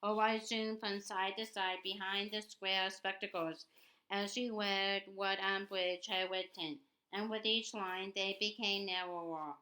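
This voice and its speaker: A woman's voice: mid-range voice, a little slow, rough recording. A woman reading a story aloud, often stumbling and repeating words as she goes. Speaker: audiobook reader. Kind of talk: unrehearsed read-aloud narration. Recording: steady background noise.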